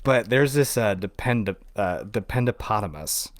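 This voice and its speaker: A man's voice: on the low side, unhurried, dry recording. A man, a veteran guest on a podcast, telling casual stories and acting out the voices of people in them. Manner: lively anecdotes, acts out quoted voices. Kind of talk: casual storytelling.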